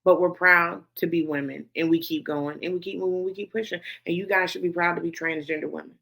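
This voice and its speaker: Speaking fast with fairly even intonation, this gossip show host has a lowish, gravelly woman's voice with a fairly bright tone. Her on-camera commentary is blunt and loaded with swearing, and she keeps repeating her points to stress them.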